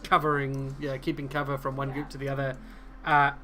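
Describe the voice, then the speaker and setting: A man narrates a tabletop role-playing game as its game master. His voice is bright and middle-pitched, broken up by fillers and pauses. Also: completely flat delivery. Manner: halting, with many fillers and laughs.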